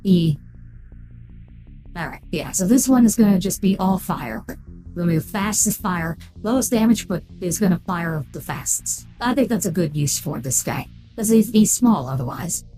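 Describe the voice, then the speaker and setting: Woman game streamer, voice run through a changer, lowish warm tone, casual rambling, thanks followers. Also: animated, moderate pace, faint music behind. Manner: rambling, thanks followers, reads chat aloud. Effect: voice changer filter. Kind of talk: casual live-stream chat while playing.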